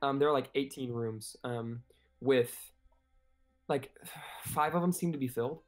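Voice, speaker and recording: A man narrating an improvised tabletop game as game master, rambling with many fillers. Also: mid-range voice. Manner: rambling, filler-heavy, fast.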